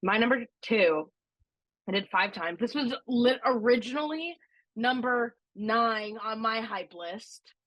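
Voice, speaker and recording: A woman with a bright, high-set voice co-hosts a casual podcast, gushing excitedly as she tells her stories. Her voice is recorded close and dry, with no room sound. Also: takes it slowly, no echo. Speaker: podcast co-host. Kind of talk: casual podcast chat, ranking attractions.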